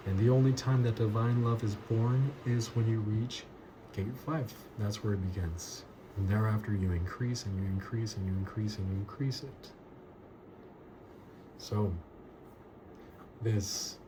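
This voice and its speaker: A lower-voiced man gives a verse-by-verse Bible teaching with steady emphasis, hammering key words through repetition. The recording carries a clear layer of background ambience noise. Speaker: pastor.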